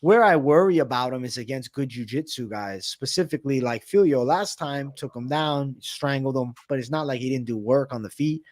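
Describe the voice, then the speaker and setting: A man's voice: medium pitch, normal speed, hardly any pauses, a little mellow, no echo, studio quality. A man hosting a betting podcast, talking fight picks in a loose, joking, slangy way. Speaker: MMA betting podcast host. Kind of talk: casual fight-picks chat.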